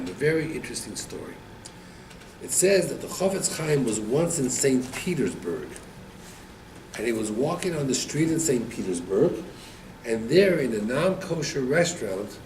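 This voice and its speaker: A man teaching a Torah class, telling stories and acting out the quotes with lively rises in his voice. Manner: animated storyteller, acts out quotes with rising pitch. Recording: echoey room, mic at a distance, faint background noise.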